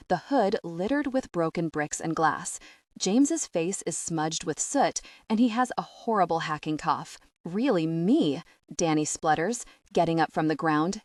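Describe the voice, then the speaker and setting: In a lowish voice, a woman reads a first-person audiobook with tense urgency, rising sharply on the shouted lines. The recording is dry and close, with no room sound.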